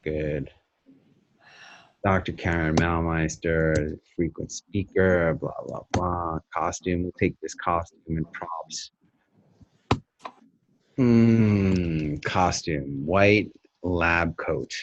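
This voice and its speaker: Brisk salesy man coaching a pitch. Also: lo-fi sound, noisy background. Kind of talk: live webinar coaching and pitch demo.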